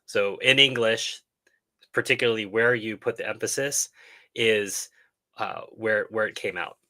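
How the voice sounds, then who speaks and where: Middle-aged male host, relaxed live-stream Q&A, bright ringing tone, thoughtful pauses. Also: lowish voice. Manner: thoughtful, pauses and restarts while explaining. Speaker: channel host answering viewer questions. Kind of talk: casual live-stream talk.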